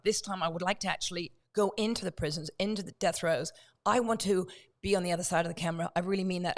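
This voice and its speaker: A woman guest on a talk show, telling a story in a lively way and acting out the dialogue. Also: fairly low pitch. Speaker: guest, true crime author.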